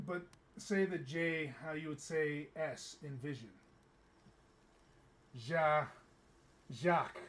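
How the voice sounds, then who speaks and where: A man's voice: on the high side, slow pace, pauses often, fairly bright tone. A young American man chatting casually while streaming a game, rambling with stammered restarts and chuckles. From United States. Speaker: gaming streamer.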